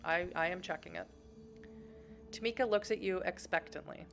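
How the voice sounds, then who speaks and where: A woman's voice: on the low side, normal speed, soft background music. A young woman streaming a narrative game, reading its text aloud and chatting with her viewers between passages.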